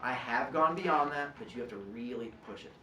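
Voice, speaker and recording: A man teaching and explaining classroom rules in an animated, joking way, acting out his students. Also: mid-range voice, normal speed, echoey room, background noise. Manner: animated, jokey, acts out students.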